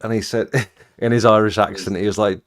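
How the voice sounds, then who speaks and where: Low-voiced man giving friendly gear advice. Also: fairly quick. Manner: relaxed, advising, chuckles while telling stories. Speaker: live stream host. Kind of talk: casual chat about roof cleaning gear.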